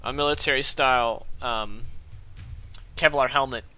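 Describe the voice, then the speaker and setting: Bright, clear man narrating as game master. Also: mid-range voice. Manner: casual, halting narration with fillers.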